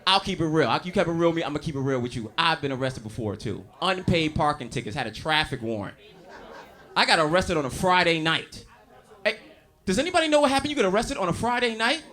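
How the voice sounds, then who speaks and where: Male stand-up in his thirties, New York accent, swooping pitch, loud crowd work, live club. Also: expressive, quick pace. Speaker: stand-up comedian. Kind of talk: stand-up comedy set. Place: comedy club stage. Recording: live room with audience. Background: audience laughter.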